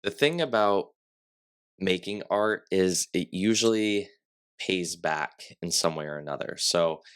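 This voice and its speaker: Young male podcast guest, very low voice, sniffly, chatty storyteller who fills his talk with "like". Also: unhurried, fairly bright tone, clear, resonant tone. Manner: storytelling with acted quotes, many "like" fillers. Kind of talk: casual podcast chat.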